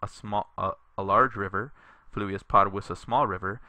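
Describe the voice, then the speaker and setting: A man teaching a Latin lesson in a recorded tutorial, reading sentences slowly for learners to repeat and explaining patiently with a few fillers. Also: lowish voice, fairly even intonation, sharp tone, dry recording. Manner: slow, deliberate reading aloud for learners to repeat.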